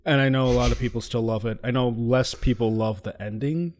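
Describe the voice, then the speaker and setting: Brief: male co-host, casual rambling chat, average pitch. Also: fairly even intonation, fairly quick, a little mellow, slight background noise. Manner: rambling, chatty, laughs often. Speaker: co-host of an anime review show.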